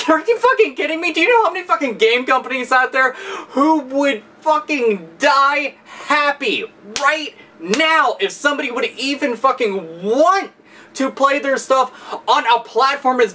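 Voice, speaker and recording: Man, angry rant, constant swearing, sarcastic, high voice, bright edge, a bit distant from the mic. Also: a little hiss or hum. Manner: heavy profanity, exasperated, sarcastic. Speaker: video host. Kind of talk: angry ranting commentary.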